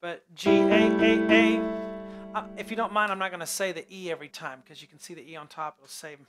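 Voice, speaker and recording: Male piano teacher with a high, chatty voice who hums the note syllables, loud piano behind him. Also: rapid-fire. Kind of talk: online piano lesson. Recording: loud piano playing along.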